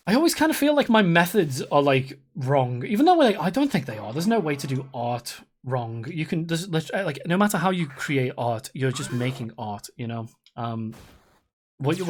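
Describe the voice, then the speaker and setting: A streamer in their thirties, chatting casually and rambling while playing a game, swearing freely and laughing often. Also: medium pitch. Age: 30s. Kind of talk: casual live-stream chat while gaming.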